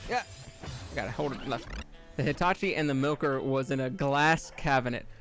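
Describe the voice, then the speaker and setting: A male streamer casually chatting with his viewers while playing a platformer game, reading messages aloud and breaking into loud, high laughing fits. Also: moderate pace, soft background music. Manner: reads chat aloud and reacts with loud, high laughing outbursts. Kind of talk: live game stream chat.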